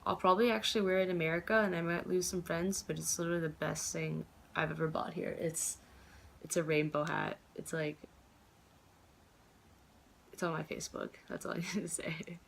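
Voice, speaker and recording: A young woman in her twenties rambling through a casual vlog. Her voice sits low with a gravelly, fry-heavy texture. She fills her talk with fillers and swears freely. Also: fairly even intonation, brisk, a bit bright, slight background noise. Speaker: vlogger.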